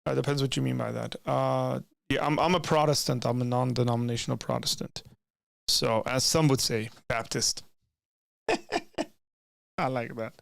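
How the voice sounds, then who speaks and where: Casual young man with a gravelly voice. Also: mid-range voice, steady tone, measured pace, pauses often, no echo. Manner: rambling, many restarts and asides. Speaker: streamer reading chat. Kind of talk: casual live-stream chat. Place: home room with bookshelves. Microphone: desk microphone, leans in close.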